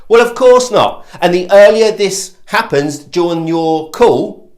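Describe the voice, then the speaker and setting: A man's voice: sits high, lively intonation, unhurried, darkish tone. A man giving an emphatic lesson on sales calls, stressing key words and demonstrating voice tones. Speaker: sales trainer. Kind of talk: instructional talk to camera.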